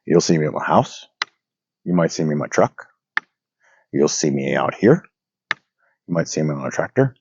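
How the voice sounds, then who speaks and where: Out on rural land at night, a man with a cold rambles casually to his phone, which is propped on a log, as he vlogs about reading the Bible. His very deep, slightly hoarse, a little mellow voice is very animated at a normal speed, full of fillers, restarts and long pauses. The lo-fi audio carries a bit of hiss or hum.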